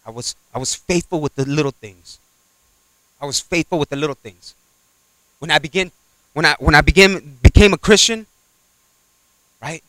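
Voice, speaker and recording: A man preaching a sermon, swinging from loud exhortation to quiet asides and acting out little dialogues. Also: fairly high pitch, moderate pace, long pauses, no room sound. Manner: acts out little dialogues in character voices.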